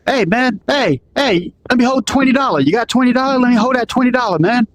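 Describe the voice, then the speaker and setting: A man's voice: very high-pitched, expressive, quick pace, slight background noise, pitched above the performer's own voice. A man voicing a pushy teenage boy who keeps begging for money in a wheedling, repetitive way. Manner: wheedling, repetitive street talk.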